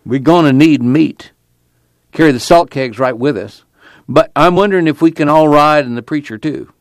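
A man's voice: a little high, moderate pace, no room sound, clean studio sound, pitched above the performer's own voice, lightly acted. A man reading as an earnest farm father. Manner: rural drawl. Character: worried middle-aged farm father, earnest.

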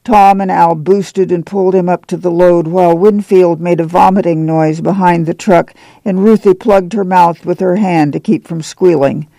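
A man with a gravelly voice reading a novel aloud as an audiobook narrator. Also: high voice, steady tone, normal speed, mellow, no room sound. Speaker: audiobook reader. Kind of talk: scripted narration with character voices.

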